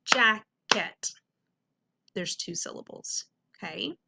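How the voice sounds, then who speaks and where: A woman reading teacher giving an upbeat video lesson to middle schoolers, often checking in with "okay?" and slowing down to sound out words. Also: mid-range voice, lively intonation, noisy background. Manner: slows to sound out words carefully.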